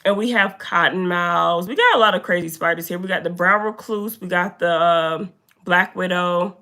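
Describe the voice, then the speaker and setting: A young woman hosts a casual live stream from a room indoors. She greets viewers by name and chats with them in an animated way. Her voice is bright and crisp. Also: on the low side, moderate pace. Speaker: livestreamer.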